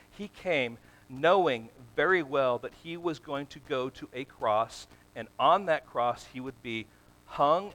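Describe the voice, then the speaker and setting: A man preaching a sermon, asking the congregation questions and growing louder and more emphatic as he goes. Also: a little high, rough recording. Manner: asks the congregation questions and answers them; builds from quiet to loud and emphatic.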